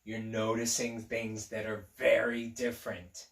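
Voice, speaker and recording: Upbeat, silly male teacher for a kids' read-aloud; slow, gravelly delivery, phone mic in an echoey room. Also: fairly low pitch, level tone. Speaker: teacher reading aloud to children. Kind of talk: playful read-aloud and chat to young kids. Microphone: phone propped on a table.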